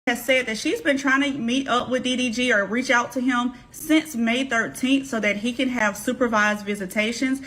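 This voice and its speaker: A woman with a somewhat high voice recapping news in a direct, brisk way. She speaks straight to her viewers and calls them y'all. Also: steady tone, fairly bright tone.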